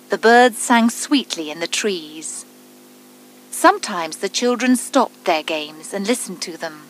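A woman reads a children's tale aloud at an unhurried, careful pace. Her voice sits at an ordinary mid pitch, and each phrase is clearly spaced. A soft hiss runs quietly underneath. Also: rough recording. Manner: calm, deliberate, clearly spaced reading. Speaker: storyteller. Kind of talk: reading a children's story aloud.

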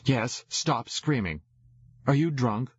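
A man's voice: mid-range voice, expressive, takes it slowly, husky, no room sound, voice pushed up, heavily acted. A man voicing an annoyed young woman who scolds a drunk caller, on a dull lo-fi recording. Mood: impatient. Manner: impatient and scolding. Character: annoyed young woman woken late at night.

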